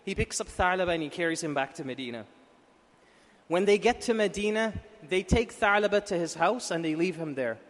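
A man with a high voice preaches through a story, animated and drawing his listeners in with questions. The sound rings with the long reverb of a large hall. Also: a little fast. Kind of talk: storytelling sermon.

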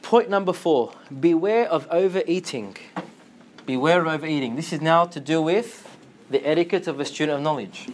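A man giving an animated Islamic lecture, slipping into Arabic phrases and acting out quotes in a lower voice. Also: moderate pace, slight background noise. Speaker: Islamic teacher. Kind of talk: lively lecture to students.

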